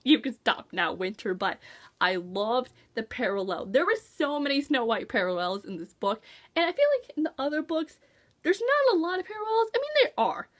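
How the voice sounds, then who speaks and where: Excitable gushy woman chatting about a book, high voice that swoops all over the place. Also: normal speed. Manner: gushing, excitable, acts out her own reactions. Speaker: book reviewer. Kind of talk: casual chat.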